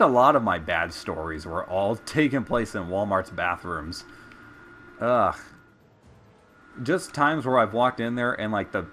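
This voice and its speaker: A man's voice: lowish voice, fairly bright tone. A young man streaming a game, chatting casually and telling stories with loose swearing. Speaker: gameplay streamer. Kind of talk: casual storytelling while gaming.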